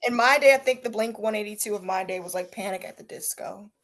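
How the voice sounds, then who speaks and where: A woman's voice: medium pitch, fast, a bit bright. A young woman co-hosting a podcast, chatting casually and animatedly, often laughing and mocking people in her impressions. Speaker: podcast co-host. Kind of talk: casual gossip chat.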